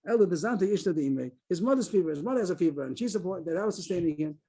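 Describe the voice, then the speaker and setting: Fast-talking man teaching on a video call. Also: sits high, lively intonation, warm tone, husky. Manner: explains quickly, repeats phrases, reads Aramaic text aloud. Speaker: Talmud teacher. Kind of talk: Daf Yomi class on a video call.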